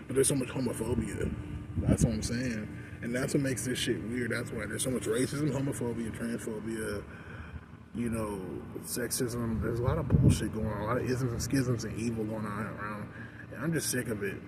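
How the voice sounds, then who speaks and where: Man, mid-pitched, casual profane rant, heavy filler words, noticeable traffic noise behind. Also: fairly even intonation, normal speed. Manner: rambling, profane, constant "like" fillers.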